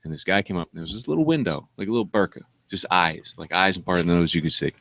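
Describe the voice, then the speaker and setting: A man spins a crude story in a loose, swearing comedy-podcast style, his pitch jumping all over the place. The recording is dry and close, with no room sound. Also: racing, no room sound. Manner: animated, swearing, laughs often. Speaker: podcast co-host.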